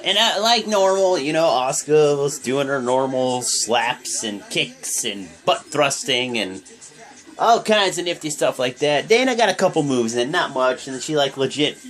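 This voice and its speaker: A man's voice: medium pitch, a little slow, fairly bright tone. A young man casually recapping a wrestling show, rambling and full of slang. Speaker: wrestling show reaction vlogger. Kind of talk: casual reaction commentary.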